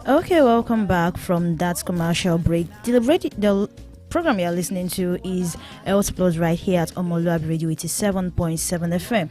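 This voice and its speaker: Radio host from Nigeria, woman with a lowish voice, faint music underneath, interviews and repeats the guest's words. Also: brisk, warm tone. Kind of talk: radio health talk show interview.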